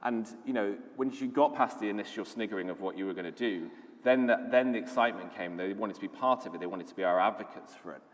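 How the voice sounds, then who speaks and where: Low-voiced british guy giving a conference talk, chatty and keen, reverb from the hall. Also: fast. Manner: enthusiastic storytelling, conversational with fillers. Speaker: conference speaker, lead designer.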